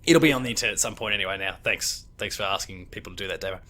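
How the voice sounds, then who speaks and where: Australian male host, bright forceful voice, meandering casual chat full of ums. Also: low voice, racing. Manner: rambling, hesitant with many fillers. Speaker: podcast host.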